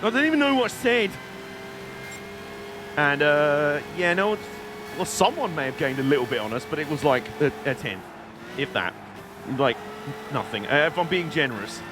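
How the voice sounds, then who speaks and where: A man's voice: on the high side, animated, normal speed, noisy background. A British man streaming a racing game, chatting casually and joking with his viewers while he drives. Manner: chatty, joking, reads chat aloud. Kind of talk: casual live-stream commentary.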